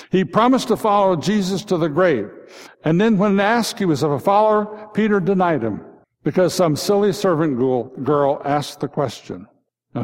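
A man's voice: on the high side, darkish tone. A man preaching a Good Friday sermon as a pastor, reflective and posing repeated rhetorical questions. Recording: long reverb.

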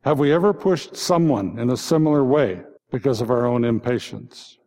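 A man's voice: medium pitch, moderate pace, mellow. A man preaching a Good Friday sermon as a pastor, reflective and posing repeated rhetorical questions. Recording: long reverb.

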